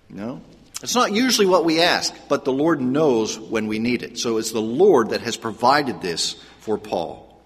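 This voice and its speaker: A man preaching a sermon, often putting questions to the congregation and pausing for an answer. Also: fairly high pitch, lively intonation, slightly rough. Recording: echoey hall with long reverb.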